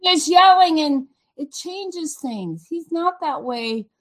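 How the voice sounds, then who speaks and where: A woman's voice: high voice, very animated, slow. A woman in her sixties, the host's wife, who speaks in a spirited, scolding way as she stands up for her husband. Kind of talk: casual on-air chat.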